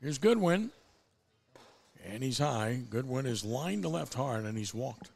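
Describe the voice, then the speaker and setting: Gravelly play-by-play baseball announcer man. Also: normal speed. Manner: rises sharply in pitch and volume on big plays.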